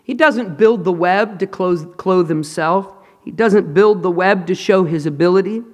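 A man preaching a sermon to a gathered audience, dramatic, swinging from hushed storytelling to loud emphasis. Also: high voice, measured pace. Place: large hall with an audience. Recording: long hall reverb.

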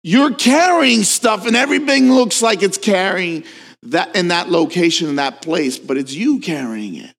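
Animated preaching man in a reverberant church. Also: high voice, moderate pace, vocal fry. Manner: animated preaching, swings from soft to shouting. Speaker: pastor. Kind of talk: sermon. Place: church sanctuary. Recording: long hall reverb.

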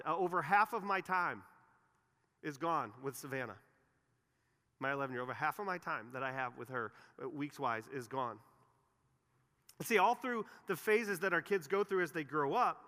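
A man in his forties preaching a sermon, telling stories and swinging between loud emphasis and quiet, intimate moments. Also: a little high. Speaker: pastor. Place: church auditorium. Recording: long reverb of a church hall.

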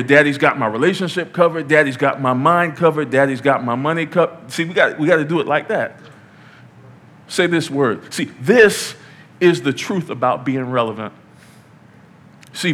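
A pastor in his thirties preaches an informal church sermon in a fairly high, fairly bright voice at a moderate pace. He sounds conversational and playful, building to emphatic peaks.

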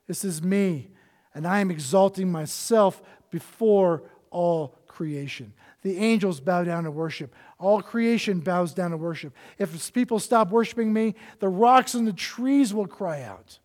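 Speaking in a high voice at a slightly slow pace, a male pastor delivers an earnestly passionate sermon that alternates between loud emphasis and near-whispered, hushed lines.

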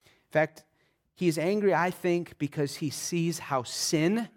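A man preaching a sermon, speaking earnestly and conversationally, slowing and dropping his voice to stress scripture. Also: on the high side. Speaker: pastor.

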